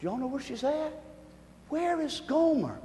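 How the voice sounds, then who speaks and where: A man preaching who acts out a faithful husband, hushed and pleading as he searches for his missing wife, in an echoey hall. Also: very high-pitched, very animated, moderate pace, a little hiss or hum, voice pushed up. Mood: bewildered.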